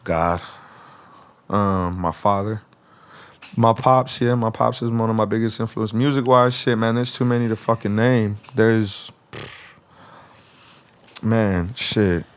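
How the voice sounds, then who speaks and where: A man's voice: on the low side, steady tone, slow pace, pauses often, clear, resonant tone. A man from Arizona, a rapper guest telling stories in a casual interview, swearing freely and acting out what others said. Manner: profane, rambling, acts out others' lines.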